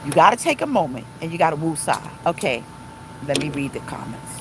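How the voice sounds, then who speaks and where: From inside a car, a middle-aged woman pastor live-streams an impassioned, emphatic, repetitive sermon, pausing to read viewer comments. Her voice is low and sing-song, with background noise present.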